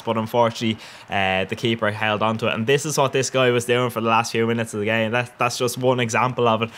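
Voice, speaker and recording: A young man with an Irish accent giving casual, rambling and cheeky commentary over his football video game matches. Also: mid-range voice. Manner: rambling and cheeky, with bursts of excitement. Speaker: gaming commentator.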